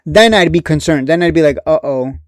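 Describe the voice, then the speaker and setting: Rambling, foul-mouthed man, a touch high. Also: fast, dry recording, clean studio sound. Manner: rambling, profane and dismissive, many restarts. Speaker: stock market streamer. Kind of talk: casual live-stream commentary.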